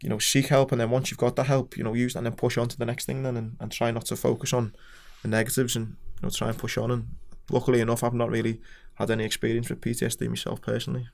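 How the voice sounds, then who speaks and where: Fast, flat-toned Scouse man. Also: medium pitch, creaky. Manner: frank, sweary, plain-spoken, hesitant restarts. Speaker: podcast guest. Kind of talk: casual chat.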